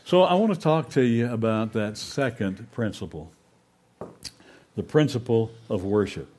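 A man's voice: lowish voice, animated, a little slow, darkish tone, a little hiss or hum. A man preaching a sermon, telling a fable in a folksy, emphatic way before making his points.

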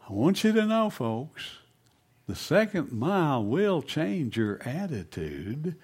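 A man preaching a sermon, telling a story with animated delivery and hushed emphasis. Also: on the high side, slow, breathy edge.

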